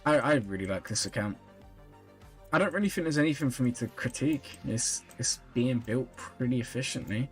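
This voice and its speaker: A tired male streamer chats casually on a live stream, reviewing viewers' game accounts and answering their questions. Relaxed and talkative, he reads chat comments aloud and responds with small laughs. His mid-range voice moves briskly over faint background music.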